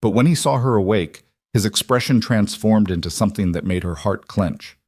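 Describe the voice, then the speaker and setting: A man narrating a storybook in a steady, measured way. His voice sits lowish. The recording is close and dry. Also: no room sound. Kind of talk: scripted narration.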